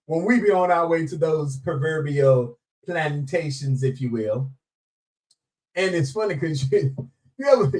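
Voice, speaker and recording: A man hosting a live show, chatting casually and playfully with viewers, greeting them by name and laughing often. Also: on the high side. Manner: animated, laughing, playful Southern Black vernacular. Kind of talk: casual live-stream chat. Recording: voice somewhat distant from mic.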